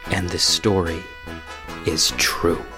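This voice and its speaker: A male preacher retelling a scripture story in a sermon, hushed and often dropping to a whisper for drama. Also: deep voice, little pitch movement, slow pace, over music.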